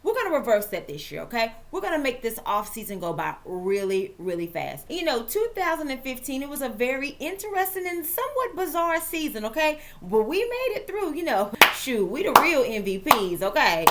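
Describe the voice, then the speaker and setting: Lively woman vlogging about football. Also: high voice, a little fast, few pauses. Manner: lively, playful, dramatic asides. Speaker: vlog host and author. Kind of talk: chatty football vlog.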